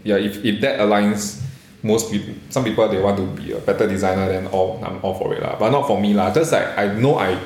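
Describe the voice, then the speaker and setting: A man's voice: on the low side, fairly even intonation, fairly quick, darkish tone. A young man from Singapore with a Singaporean English accent, chatting casually on a podcast in a rambling way, with many fillers and restarts and blunt swearing. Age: young adult. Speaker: podcast co-host. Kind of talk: casual chat. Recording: echoey room.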